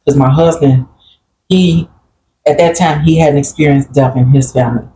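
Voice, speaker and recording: Woman guest, plain-spoken and earnest, recounting family memories; deep voice with faint hiss behind. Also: fairly even intonation, moderate pace, warm tone, poor audio. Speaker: guest sharing a grief story. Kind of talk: personal storytelling in a group conversation.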